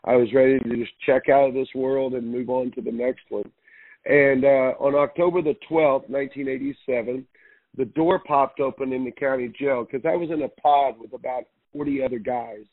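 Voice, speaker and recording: A man in his fifties or older, a pastor giving an earnest, halting testimony in a radio interview, often repeating words. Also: mid-range voice, steady tone, no echo. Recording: phone-line radio sound.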